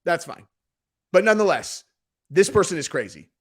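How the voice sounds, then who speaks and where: Guy with a high-ish voice riffing on a clip, rambly, excitable. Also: moderate pace. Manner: animated, rambling, repeats "dude" and "like". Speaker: host reacting to a video. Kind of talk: casual reaction commentary.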